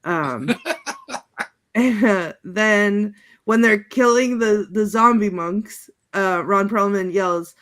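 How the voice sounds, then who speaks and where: A woman chatting on a panel, her voice sitting at an ordinary middle height. She talks in a halting, giggly way, filling gaps with ums and uhs as she works through her notes. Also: medium pitch, a bit bright. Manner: chatty, halting, reads out movie quotes with giggles and many ums. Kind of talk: casual chat.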